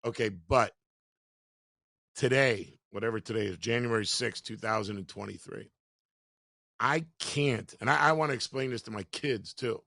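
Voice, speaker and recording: A man's voice: lowish voice, normal speed, creaky, bright, forceful tone, dry recording, clean studio sound. A man who hosts a radio show, a guest chatting casually, cutting in with jokey questions. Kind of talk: casual interview chat.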